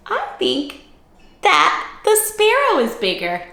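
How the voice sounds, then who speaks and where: A woman reads a children's picture book aloud, slow and clear, with her pitch rising and falling a lot. Her voice sits a little high and rings in an echoey room. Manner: expressive, asks children questions. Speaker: read-aloud storyteller for children. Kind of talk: interactive children's read-aloud. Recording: roomy echo.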